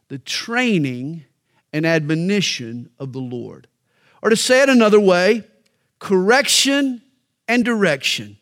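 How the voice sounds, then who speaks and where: A middle-aged male pastor preaching a sermon, emphatic and alliterative, with pointed pauses between phrases. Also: high voice, a bit bright.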